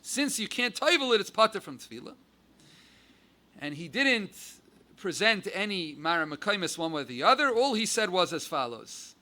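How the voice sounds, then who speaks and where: American rabbi, Yiddish-laced lecture, sharp, keen voice, lively build-ups. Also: male voice, high-pitched, moderate pace. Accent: American English with Yiddish and Hebrew terms. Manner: animated, rising emphasis on key words. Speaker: rabbi giving a Torah class. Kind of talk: halacha lecture.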